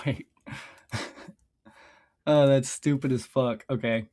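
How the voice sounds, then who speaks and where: A man's voice: medium pitch, fairly even intonation, extremely slow, pauses often, a little mellow. A man streaming casually, reading his own scripts aloud in a loose, rambling way, swearing a lot and often stopping to laugh at his own lines.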